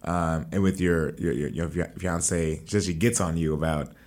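A man's voice: deep voice, fairly even intonation, normal speed, darkish tone. A man hosting a podcast, talking things over in a thoughtful way and searching for his words. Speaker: podcast host. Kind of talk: casual conversation.

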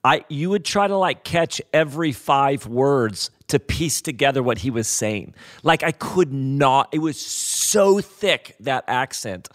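An American man hosts a casual podcast with a fairly high voice. He laughs often and asks rambling, animated questions. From United States. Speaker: podcast host.

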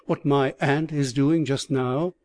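A man's voice: mid-range voice, fairly even intonation, takes it slowly, a little mellow, no echo, natural voice. A man voicing a polite, direct young English lady asking questions. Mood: inquiring. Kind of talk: audiobook character voice.

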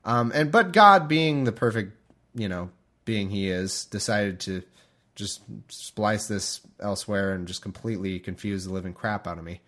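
A podcast host reads scripture aloud, then breaks off into chatty, bemused commentary, laughing often. His voice is fairly low in pitch yet fairly bright in tone, at a moderate pace.

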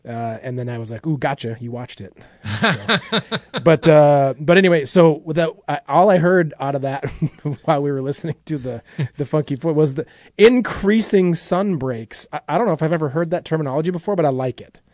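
On a studio microphone with no echo, a man with a higher, slightly mellow voice hosts a radio show, talking a little fast. He's chatty and pokes fun at himself while promoting an event in a casual mix of banter and sponsor promo.

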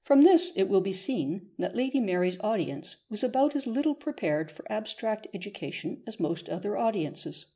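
A woman narrating a classic novel as an audiobook reader, in a measured storytelling manner. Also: mid-range voice, very animated, mellow, husky. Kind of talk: scripted narration.

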